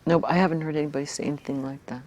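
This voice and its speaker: An older woman with a low, deep-set voice speaks in an interview. She talks bluntly and with fire, hammering her points home. Her words come hard and direct. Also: steady tone, racing, a little mellow, lo-fi sound. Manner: blunt, fiery, emphatic. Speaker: interviewee, activist and scholar. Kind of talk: reflective interview talk.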